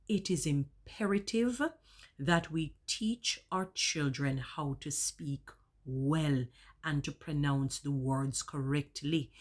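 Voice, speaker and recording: A woman with a notably low voice talks straight to her audience in a relaxed vlog. She picks grand, elaborate words and enjoys shaping each one as she says it. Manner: elaborate, expressive, savours long words. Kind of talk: casual vlog monologue.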